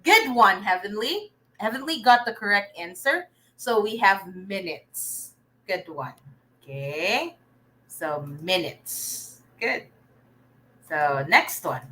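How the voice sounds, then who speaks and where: A young Filipino woman teaching a live online reading lesson, warmly praising her viewers as they answer. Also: medium pitch, slow. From Philippines. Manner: encouraging, lively, praising viewers often.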